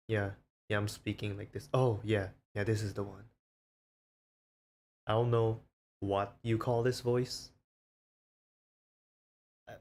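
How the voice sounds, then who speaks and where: A man's voice: medium pitch, a little hiss or hum. A man streaming casually, rambling and self-conscious as he shows off the different voices he talks in. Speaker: VTuber streamer.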